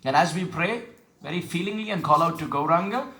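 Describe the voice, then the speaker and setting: Man, high bright voice, devotional sermon, quizzes the crowd, chants verses, echoey room. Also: lively intonation. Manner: questions the audience, chants verses slowly. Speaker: spiritual teacher. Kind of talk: devotional sermon with call and response.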